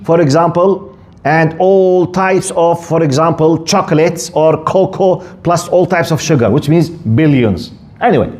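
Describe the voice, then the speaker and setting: A middle-aged man teaches a religious lesson in English, slipping in phrases as he tells stories. His voice sits a little high and swings widely in pitch as he animates each point. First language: Arabic. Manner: animated storyteller, mixes Arabic phrases into English. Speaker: Islamic scholar giving a tafsir lesson.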